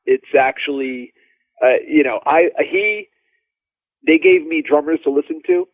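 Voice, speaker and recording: Chatty drummer guest on a tinny line. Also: male voice, a little high, a little slow, no echo. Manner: animated, rambling, acts out quoted dialogue. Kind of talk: casual storytelling interview. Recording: dry tinny phone-like line.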